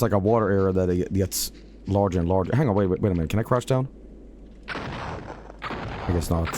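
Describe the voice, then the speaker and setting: A man's voice: lowish voice, a little hiss or hum. A man from northern Sweden, a native Swedish speaker with a northern Swedish accent, rambling animatedly in casual gaming stream commentary. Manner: animated, rambling, quick restarts.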